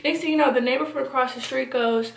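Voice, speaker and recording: A young woman with a high, bright voice tells a story to her camera in a casual, animated way, cursing freely and filling her sentences with "like" and "you know." Her voice rings a little in an echoey room at home. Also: quick pace, creaky. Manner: animated, swears a lot, frequent fillers. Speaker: vlogger. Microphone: camera on a phone or small camera.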